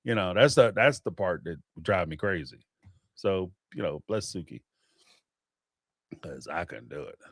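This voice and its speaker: A man hosting a reality-TV podcast, talking in an animated, profane way and laughing often. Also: sits low, unhurried, pauses often, slightly rough, no room sound, studio quality. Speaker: podcast host. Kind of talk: casual reaction commentary.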